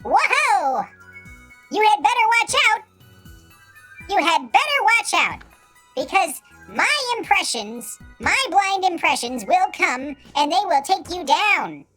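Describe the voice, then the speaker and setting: A squeaky, high, voice-changed streamer, a man putting it on with a pitch-raising filter, swooping all over as he goofs through silly impressions. Faint game music sits behind. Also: big pitch swings, takes it slowly, bright, forceful tone, full character voice. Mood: goofy. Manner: goofy, trying out silly impressions.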